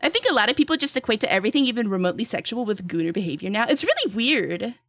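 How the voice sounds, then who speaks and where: A woman's voice: on the high side, very animated, very fast, fairly bright tone, no room sound. A woman streamer chatting casually and playfully while playing a game, laughing often and reading game text aloud. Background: faint background music.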